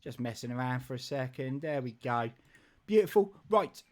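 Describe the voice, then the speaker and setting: A man's voice: medium pitch, expressive, moderate pace. A man hosting a casual football live stream, rambling and jokey with frequent restarts. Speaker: football show host.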